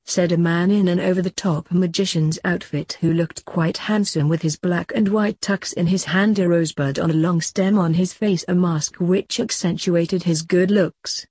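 A woman hosting a podcast and reading her own story in a steady, even way. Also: lowish voice, normal speed, few pauses, slightly rough, no room sound. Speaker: podcast host, author.

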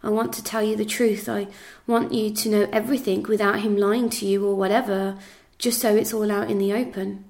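A woman's voice: medium pitch, little pitch movement, fairly quick, vocal fry, darkish tone. An English woman giving a first-person account of events, quoting what was said with frequent fillers. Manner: recounts events with reported speech, many fillers. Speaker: interviewee recounting events.

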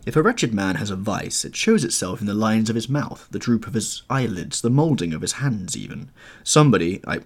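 A man's voice: on the low side, husky, voice pushed up, heavily acted. A man voicing a grave, earnest male painter in an audiobook, pleading with mounting urgency. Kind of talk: audiobook character reading.

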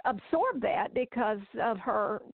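A woman author in casual interview chat, talking haltingly with many fillers and restarts. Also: a little high, expressive, vocal fry, husky, no echo. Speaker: children's book author, guest. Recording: phone-like remote call audio.

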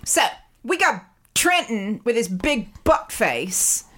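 Sharp-tongued woman ranting profanely. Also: fairly high pitch, very animated, slow pace. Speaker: comedy guest telling a story. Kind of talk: ranting comedic monologue.

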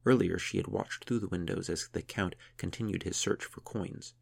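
Deep, gravelly male storyteller. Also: steady tone, normal speed, a little mellow. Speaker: narrator. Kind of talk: audiobook narration.

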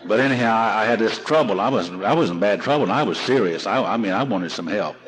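In a rough archival recording, a man speaks from a podium at a recovery seminar, telling folksy, self-mocking stories to the audience. His voice is on the low side, with lively intonation and a fast delivery.

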